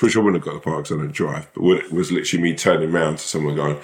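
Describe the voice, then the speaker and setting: Deep-voiced rambling man. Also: fairly even intonation, fast talker, hardly any pauses. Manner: rambling, lots of fillers and swearing. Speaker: podcast co-host; actor. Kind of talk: casual chat.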